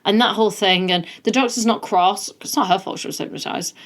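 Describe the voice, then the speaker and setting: A woman in her thirties, co-hosting a podcast in relaxed casual chat with short agreeable replies. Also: medium pitch, brisk. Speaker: podcast co-host.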